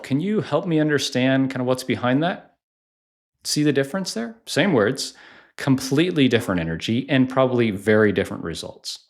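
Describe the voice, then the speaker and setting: A man coaching on sales in a conversational teaching style, acting out sample questions. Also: medium pitch. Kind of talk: instructional talk to camera.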